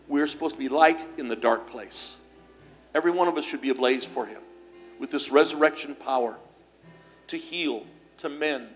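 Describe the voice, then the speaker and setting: A man delivering a church sermon, mixing scripture with homespun stories. He talks in a folksy, easygoing way, full of little fillers and restarts, with faint music behind him. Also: medium pitch. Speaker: pastor.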